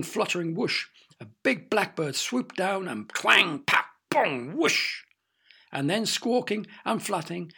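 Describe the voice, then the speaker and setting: A man narrating a children's storybook with expressive, playful sound effects. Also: high-pitched, vocal fry, breathy edge.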